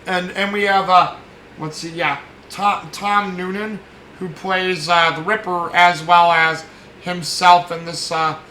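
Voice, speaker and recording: A man with a high, bright voice talks through a film in a loose, rambling way and chuckles often. He is recorded in an echoey room with a faint hiss underneath. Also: level tone, slow pace. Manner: rambling and chuckling, many fillers and restarts. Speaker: film podcast host. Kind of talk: casual film review.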